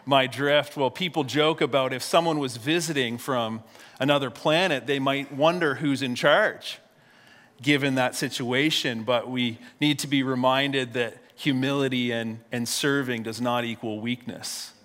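Male pastor, conversational storytelling sermon, mid pitch, long hall reverb. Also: measured pace, fairly bright tone. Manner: conversational, repeats words at restarts.

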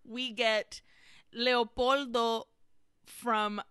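A woman co-hosting a podcast, excitedly retelling a film's scenes in casual chat, laughing and restarting as she goes. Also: on the high side, drawn-out words, clear, resonant tone, no room sound, clean studio sound. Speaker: podcast co-host. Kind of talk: casual film recap chat.

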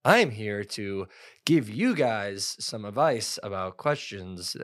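A man's voice: lowish voice, big pitch swings, takes it slowly, no room sound, studio quality. A man guesting on a podcast, chatting casually with many hesitant fillers and a self-deprecating tone. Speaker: podcast guest, video director.

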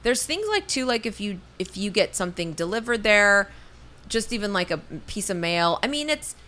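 A woman with a bright, edgy voice and mid-range pitch rambles through her thoughts on a comedy podcast. She mocks herself freely and breaks into laughter often. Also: big pitch swings, moderate pace. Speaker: podcast co-host. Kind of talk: casual comedic podcast chat.

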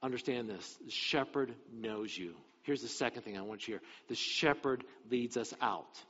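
A male pastor preaching a sermon in an animated way, acting out the dialogue from scripture. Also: medium pitch, normal speed, breathy edge. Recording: dull, reverberant hall sound.

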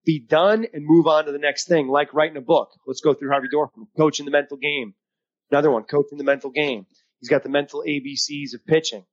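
A man's voice: a little high, fairly quick. Male co-host, mental coach, emphatic and upbeat, lo-fi call recording. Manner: energetic, emphatic, coaching tone with quoted asides. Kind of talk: casual podcast chat.

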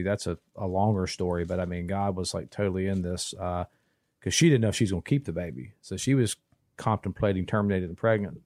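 A man, telling a long story in casual podcast chat, rambling and restarting, animated when he quotes people. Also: fairly low pitch, no room sound, clean studio sound. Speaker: podcast co-host.

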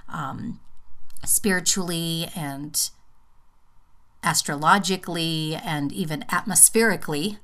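A woman's voice: low voice, fairly bright tone. A woman hosting her own podcast, speaking an earnest, heartfelt personal monologue from home, rambling a little with fillers and restarts. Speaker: podcast host. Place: home, just out of the bath.

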